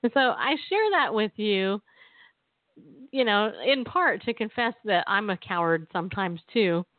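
A woman's voice: medium pitch, expressive, unhurried, no echo. A woman radio co-host telling a personal story and encouraging listeners, chatty and given to laughing and acting out quotes. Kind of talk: testimony and exhortation. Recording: tinny phone-line sound.

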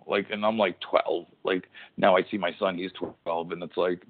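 Gravelly, rambling podcast host. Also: male voice, low voice, steady tone, normal speed, few pauses. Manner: rambling, profane, joking storyteller. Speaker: podcast host, former wrestler. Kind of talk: casual podcast chat. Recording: tinny phone-like line.

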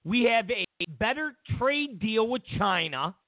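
A man's voice: high-pitched, lively intonation, measured pace, no echo. A man hosting a political commentary show, talking emphatically and mockingly, often repeating himself. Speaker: host. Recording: dry, tinny phone-like sound.

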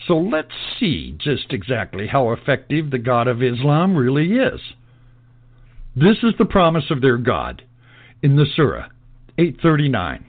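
A man's voice: mid-range voice, huge pitch swings, measured pace. A man delivering an emphatic, repetitive monologue in a preachy lecturing style. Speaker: political commentator. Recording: tinny phone-like audio.

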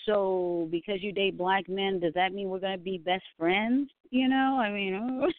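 On a casual home livestream, a woman with a medium-pitched, steady, unhurried voice reads viewer comments, chatty and blunt, laughing often and swearing freely. The recording sounds tinny, like a phone, and dry.

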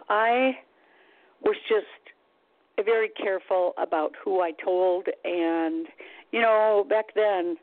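A woman, telling her story in a casual interview, chatty and animated, with sighs and laughs. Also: mid-range voice, takes it slowly, no room sound. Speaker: guest, psychic. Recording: tinny phone-like line, dry.

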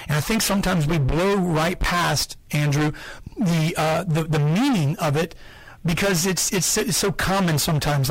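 On his sales podcast, this host speaks earnestly to motivate listeners, hammering home main points through repetition. His voice is on the high side, and the recording quality is rough.

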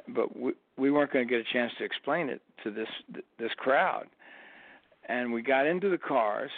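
An older man, formerly a college tennis coach, appears as an interview guest and tells stories, acting out the quotes with animation. His voice is mid-range, and the recording is dry, like a phone line.

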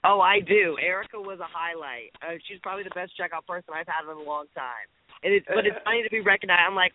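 A man chatting casually as a guest on a call-in show, relaxed and joking. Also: high-pitched, quick pace. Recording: dry, tinny phone-line audio.

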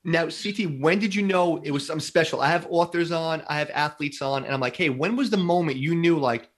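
A man's voice: fairly high pitch, fairly quick. A man hosting a podcast, asking long rambling questions in a chatty, joking way. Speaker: podcast host. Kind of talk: casual interview.

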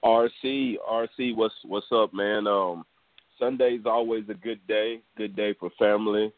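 A man in his thirties from Houston, Texas, co-hosting a podcast and telling a story in a relaxed, rambling way full of fillers. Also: lowish voice, measured pace, dry recording. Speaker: podcast co-host. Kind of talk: casual storytelling chat. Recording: dry, tinny phone line.

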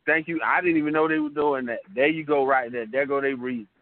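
A man's voice: medium pitch, fairly even intonation, quick pace. A man co-hosting a podcast in easygoing casual chat, laughing as he talks. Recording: tinny phone line, faint noise.

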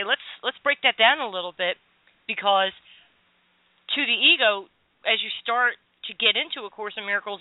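A woman's voice: medium pitch, no echo. A woman hosting a casual spiritual discussion, earnestly explaining ideas and quoting passages from a book. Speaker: host. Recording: tinny phone-like line, dry.

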